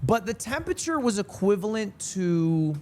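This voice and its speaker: A man telling a story in a deadpan, mock-serious way, acting out quotes along the way. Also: high-pitched, moderate pace, slight background noise. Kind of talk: casual storytelling.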